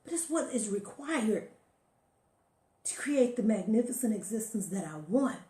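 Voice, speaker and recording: A woman's voice: on the high side, expressive, moderate pace, dark tone, echoey room. A woman giving an emphatic motivational talk to her viewers, preaching and telling stories, calling listeners honey. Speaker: motivational live-stream host.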